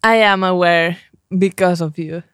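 Relaxed chatting co-host. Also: medium pitch, a little slow, clean tone, no room sound, studio quality. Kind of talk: casual chat.

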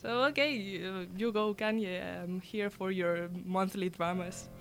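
A woman's voice: medium pitch, measured pace. A woman chatting casually as a guest on a radio show, quoting people in mocking impressions. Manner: animated, mocking impressions in quotes.

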